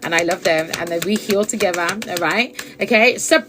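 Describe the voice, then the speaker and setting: A woman's voice: fairly low pitch, moderate pace, music in the background. Blunt, chatty woman reading tarot. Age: adult. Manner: chatty, blunt, with frequent laughs and swearing. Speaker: tarot reader. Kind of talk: live-streamed tarot reading.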